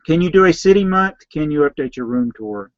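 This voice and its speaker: A man with a Southern US accent, a slightly hoarse YouTube host who reads out viewer names and questions and answers them in a rambling, offhand way. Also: on the high side, animated, fairly quick, no echo, dull audio. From Southern United States. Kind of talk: casual live Q&A.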